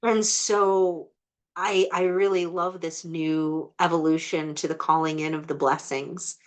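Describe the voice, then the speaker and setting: A woman with a fairly low voice leads a group healing over a video call. She speaks blessings in a slow, earnest cadence. Between them she chats loosely and fills with "like.". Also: flat delivery. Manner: slow, earnest incantation, then chatty with many "like"s. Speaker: energy healer hosting a group session. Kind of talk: guided healing invocation and group chat.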